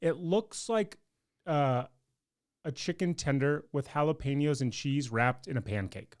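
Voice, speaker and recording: A man's voice: on the high side, unhurried. A man co-hosting a podcast, reading news items aloud and trading wry, teasing jokes in casual chat. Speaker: podcast co-host.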